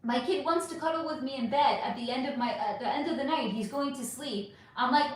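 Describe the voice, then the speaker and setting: A woman's voice: high voice, brisk, hardly any pauses. A middle-aged woman hosting a casual livestream, reading chat comments aloud and ranting with plenty of swearing. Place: home room. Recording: echoey room.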